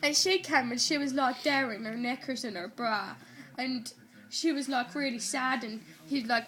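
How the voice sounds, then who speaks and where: A woman with an Irish accent rambles through a story recap, chaining every event with "and then" and breaking into giggles. Her voice sits high and sounds bright and sharp. She talks casually to someone filming her. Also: normal speed, few pauses. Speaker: person retelling a TV episode to camera. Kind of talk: casual retelling. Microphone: handheld camera recording.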